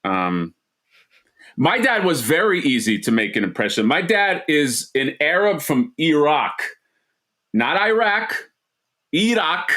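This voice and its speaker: A man's voice: fairly high pitch, sing-song, measured pace, fairly bright tone. Easygoing man chatting, casual swearing. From Florida, USA. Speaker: podcast co-host. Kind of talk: casual chat.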